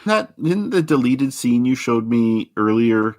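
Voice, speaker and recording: Male co-host, relaxed film chat, mid-low voice, dry close sound. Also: a little slow, no room sound. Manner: easygoing, filler-heavy, laughs often. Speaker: podcast co-host. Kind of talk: casual film discussion.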